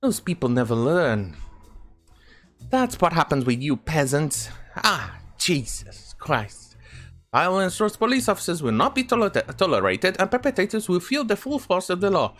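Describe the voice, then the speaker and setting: A man's voice: high-pitched, very animated, moderate pace, a bit bright, soft background music. Sarcastic man reading news with asides. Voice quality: sarcastic, reads quotes aloud with asides. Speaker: commentary channel host.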